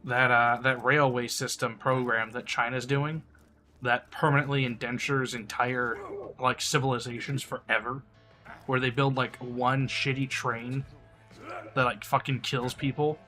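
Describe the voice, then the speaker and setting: A man's voice: medium pitch, little pitch movement, measured pace, sharp tone, soft background music. A young man streaming a game, ranting in a crude, mocking way and laughing often. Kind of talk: casual game-stream rant.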